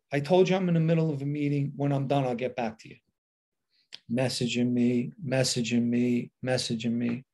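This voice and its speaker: A man's voice: mid-range voice, a little fast. A middle-aged man, telling a personal story in a casual monologue and acting out the quoted dialogue. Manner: animated retelling with quoted dialogue.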